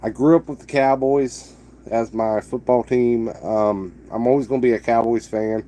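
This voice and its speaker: A man's voice: mid-range voice, steady tone, moderate pace, dark tone, slight background noise. A man in his thirties from Texas, chatting to camera in a loose, rambling way with many restarts. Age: 30s. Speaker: vlogger. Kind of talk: casual rambling chat to camera.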